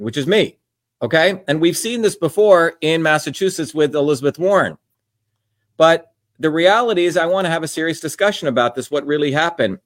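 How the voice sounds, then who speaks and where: An older man from India hosting a podcast, ranting in a combative, repetitive way. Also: medium pitch. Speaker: podcast host and candidate. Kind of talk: casual political monologue.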